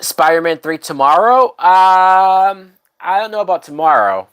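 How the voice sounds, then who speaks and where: A man's voice: fairly high pitch, sing-song, a little fast, a bit bright. A drunk man hosting a livestream, giving casual movie commentary in a rambling, profane way that trails off mid-thought. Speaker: livestream host.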